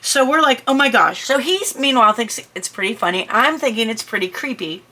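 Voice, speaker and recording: Bright-voiced woman telling a story. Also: a little fast. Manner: animated, jumps high and shouts when quoting her own panic; chatty, with asides and fillers. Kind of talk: personal anecdote told to listeners.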